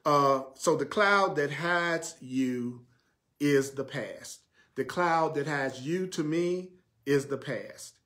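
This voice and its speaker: A man's voice: on the high side, takes it slowly, bright, forceful tone. Southern-accented man teaching with emphatic repetition. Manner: emphatic, repeats key phrases, asks rhetorical questions. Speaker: spiritual teacher. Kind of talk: livestreamed spiritual teaching.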